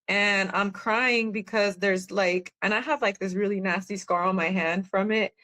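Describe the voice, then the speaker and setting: A woman's voice: medium pitch, fairly even intonation, moderate pace, bright, forceful tone. A woman guest on a podcast, telling a personal testimony in a candid, plainspoken way.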